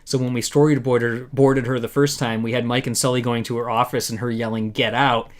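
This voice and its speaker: A man's voice: mid-range voice, level tone, fairly quick. Chatty man hosting a live discussion. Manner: chatty, reads quotes aloud with frequent fillers. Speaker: podcast host.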